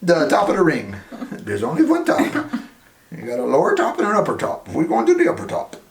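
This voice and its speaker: A man hosting a playful children's science demonstration, teasing his assistant with big swings of pitch. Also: huge pitch swings, fairly quick, a little hiss or hum. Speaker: children's science show host. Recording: echoey room.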